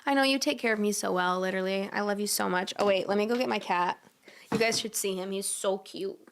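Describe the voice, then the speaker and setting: A young woman hosts a relaxed livestream from home, talking straight to her viewers. She giggles and drops casual slang as she goes, and breaks into soft baby talk for her cat. Her voice sits at an average pitch. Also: fast. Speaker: livestream host.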